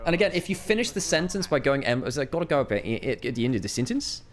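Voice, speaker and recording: A man with a Nottingham accent casting a live esports match, chatty and animated, laughing and restarting his sentences. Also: medium pitch, rapid-fire. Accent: East Midlands English (Nottingham). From English Midlands. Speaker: esports commentator. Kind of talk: casual live esports commentary.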